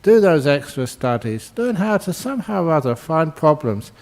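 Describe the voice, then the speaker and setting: An older man, a Buddhist monk, giving a Dhamma talk with gentle humour and emphatic repetition. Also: a little high, very animated, moderate pace. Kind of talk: sermon.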